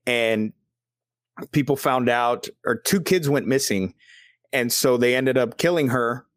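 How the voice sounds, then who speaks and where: In relaxed podcast chat, this host, a father, spins loose tales thick with curses and filler. His mid-range voice keeps a measured pace, recorded with no echo.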